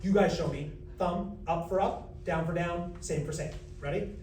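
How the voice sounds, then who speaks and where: An American man, a vocal coach, teaching a live workshop, joking with the room and demonstrating pitches and animal sounds. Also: normal speed, darkish tone. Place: large room with an audience. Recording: roomy, distant mic, faint noise.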